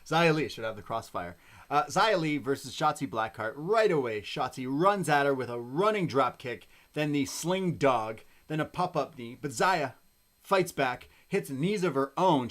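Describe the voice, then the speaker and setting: A man co-hosting a wrestling podcast, recapping the show in casual chat with animated, excitable storytelling. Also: mid-range voice, measured pace.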